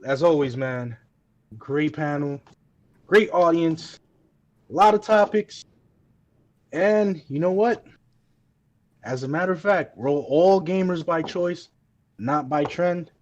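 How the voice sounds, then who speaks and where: Slow drawling podcast co-host. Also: male voice, a little high, dull audio. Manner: slow drawling sign-off with catchphrases. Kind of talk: casual chat.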